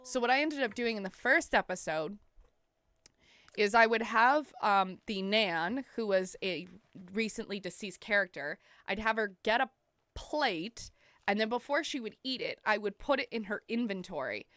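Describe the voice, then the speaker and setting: A woman's voice: mid-range voice, animated, moderate pace, a bit bright, dry recording. Giggly Canadian woman streaming a game. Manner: chatty, giggly, laughs often. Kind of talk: casual gameplay commentary.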